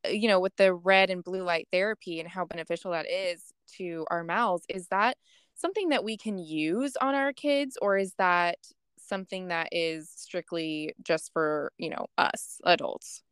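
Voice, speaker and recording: A woman hosts a podcast, mostly listening and then asking a courteous question. Her voice is smooth and a little low. It is recorded close and dry. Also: moderate pace, fairly bright tone, dry recording. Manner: attentive, brief affirmations, polite questions. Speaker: podcast host. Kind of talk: conversational interview.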